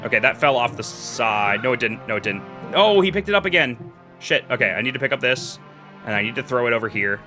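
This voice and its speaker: A young man streaming a game live, his bright voice bouncing all over in pitch. He drops to quiet mutters, then bursts into loud yelling at his chat. Faint game music plays underneath. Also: animated, brisk. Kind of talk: live gameplay commentary.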